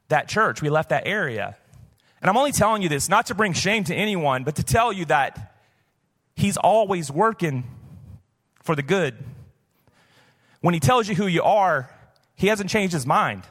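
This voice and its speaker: Storytelling pastor in a reverberant church. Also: male voice, a little high, fairly bright tone. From southern United States. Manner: conversational, personal storytelling with many "like" fillers. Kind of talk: sermon. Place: church, recorded live. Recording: live church hall reverb.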